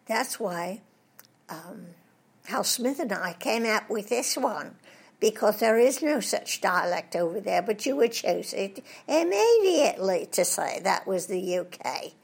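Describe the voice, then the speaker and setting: Older American woman with a gravelly, husky voice. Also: medium pitch, measured pace. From United States. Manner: lively anecdotal storyteller, laughs often at her own stories. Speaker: guest, veteran voice actress. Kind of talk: casual interview storytelling.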